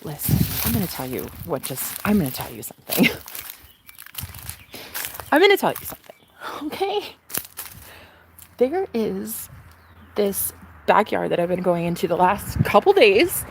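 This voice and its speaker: A young woman livestreaming from a backyard, talking in an excitable, gushing way that jumps between loud exclamations and hushed whispers. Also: lowish voice, a little slow, gravelly, long pauses, slight background noise. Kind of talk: casual livestream chat. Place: outdoors in a backyard.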